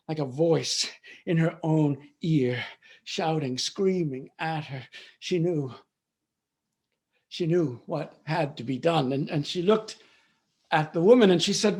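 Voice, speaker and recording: Storyteller guy, slightly high voice, slow rhythmic telling, drops to whispers. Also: darkish tone. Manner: slow, rhythmic, repeating phrases, dropping to whispers. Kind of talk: dramatic oral storytelling.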